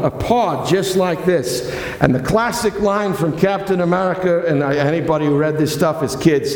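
A man's voice: a little high, gravelly, darkish tone. A male pastor preaching a sermon, chatty and digressive, with asides and restarts, recorded in a church sanctuary. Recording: echoey hall with long reverb.

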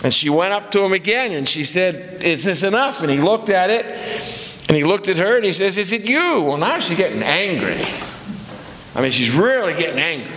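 A man's voice: on the high side, very animated, brisk, a bit bright. A man preaching a sermon as pastor, telling stories in a conversational, digressive way that corrects itself as he goes. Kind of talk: sermon with storytelling. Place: church sanctuary. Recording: roomy hall with long reverb.

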